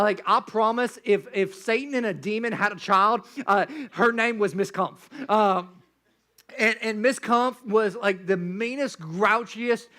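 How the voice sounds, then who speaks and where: A male pastor delivering a sermon in a loose, joking storytelling way, often restarting his sentences. His voice sits high and sounds bright.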